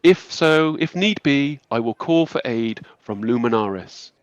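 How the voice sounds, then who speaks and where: A man voicing a graceful, authoritative high elf woman who soothes a crowd in a formal, reassuring manner. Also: lively intonation, measured pace, no echo, highs cut off. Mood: soothing.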